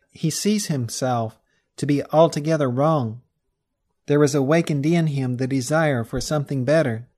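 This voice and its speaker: A man reading a sermon text aloud in a measured, solemn way, slowing down on the scripture quotes. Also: mid-range voice, darkish tone. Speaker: reader of a religious text.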